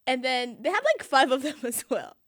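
A young woman with a high, bright-sounding voice chats casually and tells a long story. She laughs often and slips into quick impressions of the people in it. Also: animated, dry recording. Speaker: guest telling a story. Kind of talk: casual chat.

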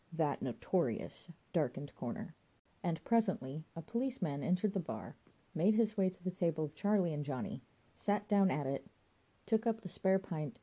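A woman narrating a story in a wry, measured manner. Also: fairly low pitch, mellow. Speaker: audiobook narrator.

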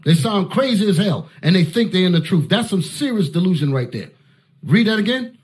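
A man preaching Bible teaching with fiery force, breaking into loud shouted outbursts and barking commands at a reader. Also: sits high, sing-song, fairly quick.

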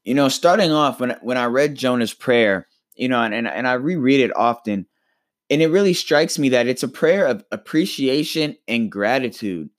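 A man's voice: mid-range voice, expressive, moderate pace, no echo, clean studio sound. Earnest man giving a podcast sermon. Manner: earnest, reflective, repeats words when restarting. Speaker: podcast preacher.

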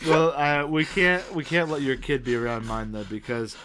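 A man's voice: fairly high pitch, moderate pace, crowd noise. A young man co-hosting a podcast, telling family anecdotes and acting out the quotes. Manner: animated, joking storytelling that acts out quotes. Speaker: podcast co-host. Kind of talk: casual chat.

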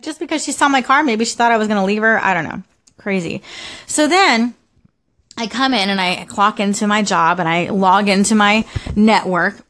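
A woman's voice: medium pitch, fairly bright tone. A young adult woman vlogging casually about her day, rambling with lots of fillers and restarts. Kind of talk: casual personal storytelling.

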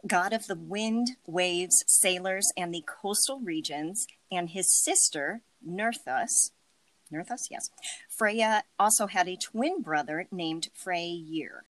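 A woman's voice: on the low side, fairly bright tone, no echo, rough recording. A woman co-hosting a casual podcast, bubbly and giggly, tripping over hard names as she reads. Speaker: podcast co-host.

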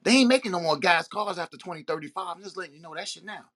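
Man, podcast host, angry rhetorical rant, bright voice. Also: high voice, rapid-fire. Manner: heated, profane, rhetorical questions. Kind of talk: ranting monologue.

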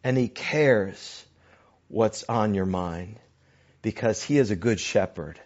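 Slow, deliberate preaching man. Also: fairly low pitch, darkish tone. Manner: slow, deliberate preaching with dramatic drops to near-whispers. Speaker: pastor. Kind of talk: sermon. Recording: dull lo-fi recording.

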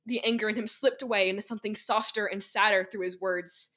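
A woman's voice: medium pitch, fairly even intonation, brisk, few pauses, bright, forceful tone. A young woman narrating an audio drama and voicing several characters with emotion. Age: young adult. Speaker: narrator and voice actor. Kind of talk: fan audio drama reading.

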